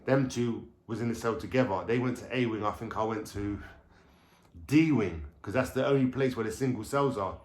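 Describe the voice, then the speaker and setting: A man's voice: fairly low pitch, normal speed, a little mellow. A man telling stories casually to camera at home, rambling and slangy, swearing freely. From London. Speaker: vlogger. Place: at home, indoors, with a dog. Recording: echoey room.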